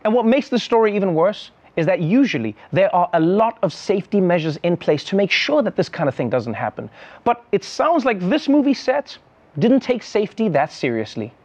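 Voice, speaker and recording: A man's voice: sits high, very animated, fairly quick, a little mellow, dull audio. A man hosting a comedy show, delivering a sarcastic, incredulous satirical monologue.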